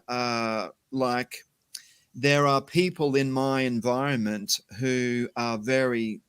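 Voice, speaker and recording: A man speaks at an unhurried crawl, pausing often on fillers as he chats. His voice is smooth and clear, recorded close and dry. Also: medium pitch, a bit bright, dry recording. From Australia. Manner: slow, hesitant, many fillers. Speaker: guest, company CEO. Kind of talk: casual interview chat.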